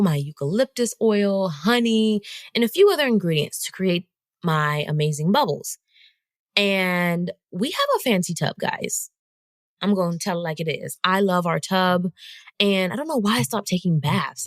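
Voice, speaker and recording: A woman hosting a solo podcast, telling a story in an animated, conversational way and talking straight to her listeners. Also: lowish voice, no room sound. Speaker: podcast host.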